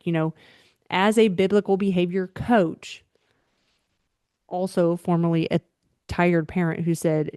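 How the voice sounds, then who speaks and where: A woman's voice: on the low side, no room sound. Emphatic woman coaching parents, dry close sound. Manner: animated, emphatic teaching with frequent "okay?" check-ins. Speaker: biblical behavior coach. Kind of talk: parenting advice talk.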